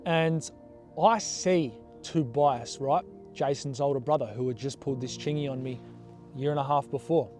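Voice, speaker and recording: A young man telling a story from his past in a casual, animated way, blunt and swearing freely. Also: mid-range voice, normal speed, soft background music. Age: young adult.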